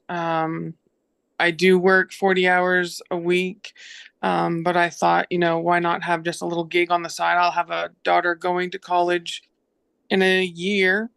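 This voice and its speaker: A woman's voice: on the low side, vocal fry, a bit bright, clean tone, dry recording. A woman in her forties, a new team member, speaking hesitantly on a phone into a video call. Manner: hesitant, lots of ums.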